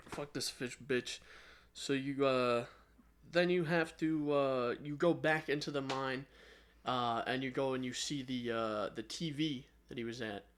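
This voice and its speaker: A man co-hosting a podcast in casual chat, retelling a story with many ums and uhs and quick acted-out lines. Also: mid-range voice. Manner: rambling retelling with filler ums, acts out lines. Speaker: podcast co-host.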